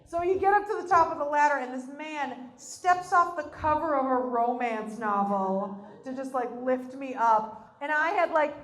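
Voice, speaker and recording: A woman performing a self-deprecating stand-up comedy set, telling a story with animated acted-out quotes on a live stage. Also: sits high, normal speed, reverberant, low-quality recording.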